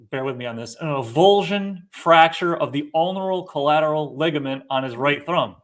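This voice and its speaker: A man's voice: on the high side, fairly bright tone. A man giving an injury report for sports bettors in a matter-of-fact way, heavy on stats. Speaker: sports betting analyst.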